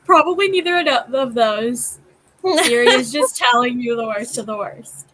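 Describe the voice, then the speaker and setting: A woman's voice: on the high side, normal speed, background noise. A young woman co-hosting a casual livestream chat, sounding tired and agreeable. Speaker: co-host.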